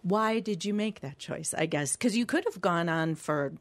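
A woman's voice: lowish voice, expressive, normal speed, no room sound. A woman co-hosting a radio book discussion, enthusiastic and full of praise.

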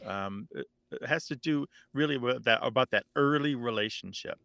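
A man explaining word origins as a guest expert, thoughtful and steady. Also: medium pitch, moderate pace, gravelly, no room sound. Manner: thoughtful, with fillers and restarts. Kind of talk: conversational explaining.

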